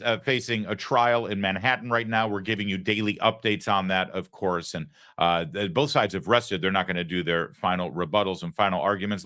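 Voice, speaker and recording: A man's voice: on the low side, bright, forceful tone. A man hosting a political commentary show, talking in an emphatic, sarcastic way.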